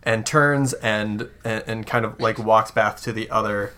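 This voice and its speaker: A man's voice: on the low side, steady tone, unhurried, bright, forceful tone. A man narrating as game master in a tabletop game, hesitant and full of fillers.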